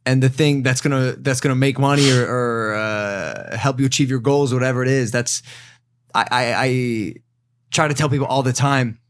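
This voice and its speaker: A man hosting a casual podcast interview, speaking thoughtfully and haltingly, often restarting his words. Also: mid-range voice. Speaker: host.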